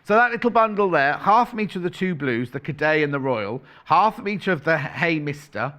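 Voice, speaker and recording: Male shopping host, bright upbeat tone, very animated pitch, chatty playful sales patter. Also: normal speed. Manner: chatty, playful, self-correcting, reads out prices. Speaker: shopping channel presenter.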